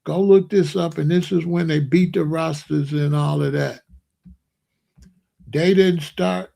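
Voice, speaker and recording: A man with a gravelly, creaky voice sitting a touch high for a man. He hosts a livestream and lectures his chat insistently, hammering the same points again and again. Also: steady tone, a little slow, dark tone. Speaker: streamer host. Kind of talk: livestream commentary answering chat.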